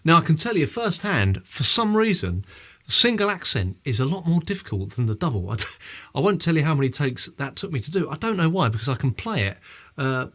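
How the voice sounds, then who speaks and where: A man's voice: a little high, a little fast, a little hiss or hum. A man explaining drum technique in a friendly online lesson. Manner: friendly, explanatory, lively delivery. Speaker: drum teacher.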